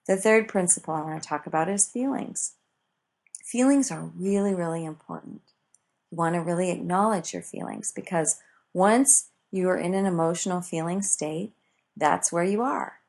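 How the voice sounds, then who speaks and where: Woman teaching self-help stuff, a bit low and gravelly with fry, acts out little everyday scenes. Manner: expressive, acting out everyday examples. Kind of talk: motivational talk.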